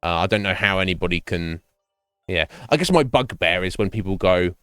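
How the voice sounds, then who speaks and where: A man's voice: low voice, moderate pace, fairly bright tone, clear, resonant tone, dry recording. A man streaming a game and chatting casually with his viewers, musing aloud with lots of fillers and restarts. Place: home streaming setup. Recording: dry close mic, faint game music behind.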